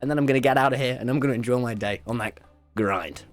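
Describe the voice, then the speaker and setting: A young man, telling a story to his live stream chat in an excitable way, dropping to mumbled asides and rising to loud yelps, and swearing freely. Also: mid-range voice, quick pace, faint music behind. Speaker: livestreamer.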